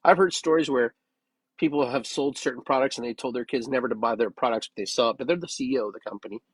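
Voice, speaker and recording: A man's voice: mid-range voice, quick pace, husky, no echo, low-quality recording. A man hosting his own podcast, talking through his thoughts in an earnest, musing way and repeating phrases with changing inflection. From United States. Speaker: podcast host. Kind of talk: reflective solo podcast monologue.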